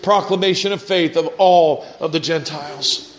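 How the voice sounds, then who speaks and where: A man preaching a sermon and leading a prayer as pastor, impassioned and climbing to high, fervent peaks. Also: moderate pace, rough recording.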